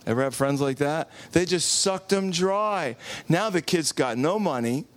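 Animated high-voiced preacher telling a story. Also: male voice, a little slow. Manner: animated, acts out quotes, asks the congregation questions. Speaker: pastor. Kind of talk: casual sermon storytelling. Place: church.

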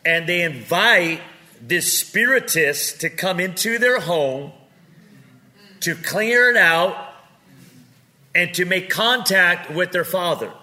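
A man preaching with comic storytelling, animated and joking, swinging from loud to quiet. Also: high voice, slow, long pauses.

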